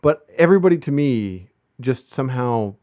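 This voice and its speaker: A podcast host chats loosely and rambles, with frequent restarts and filler words. His medium-pitched voice is warm, with lively intonation and a normal speed. The dry recording has a muffled, lo-fi podcast sound.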